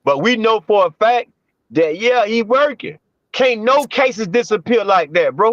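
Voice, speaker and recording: A man with a high, lively voice delivers emphatic streetwise commentary on a livestream. He repeats himself for weight and talks in heavy slang. The sound is dry and a little dull. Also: measured pace, no room sound. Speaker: livestream co-host.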